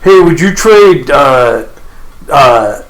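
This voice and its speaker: A man's voice: mid-range voice, lively intonation, extremely slow, a bit bright, poor audio. A man co-hosting a podcast, trading laid-back, profane banter in casual chat. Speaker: podcast co-host.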